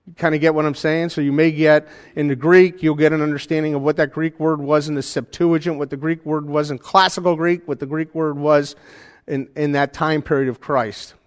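A man teaching a Bible study class in a casual, conversational way, often checking in with his listeners. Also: a little high. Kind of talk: informal teaching, demonstrating software. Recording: hall reverb.

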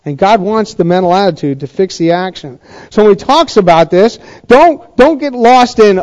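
A man's voice: high voice, expressive, moderate pace, darkish tone, highs cut off. A male pastor giving a sermon in a chatty, conversational way, often restarting his sentences.

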